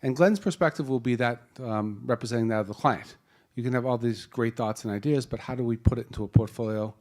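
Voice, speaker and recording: A man's voice: mid-range voice, fast talker. Joking Boston-accented man moderating a panel. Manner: jokey, lively, rambling with many restarts. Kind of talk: introducing a panel at a live event. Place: conference hall panel.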